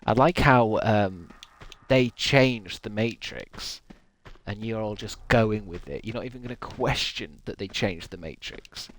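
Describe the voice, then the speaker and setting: A man's voice: on the low side, unhurried. A man chatting casually while streaming a game, swearing freely and laughing often. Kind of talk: casual gaming stream chat.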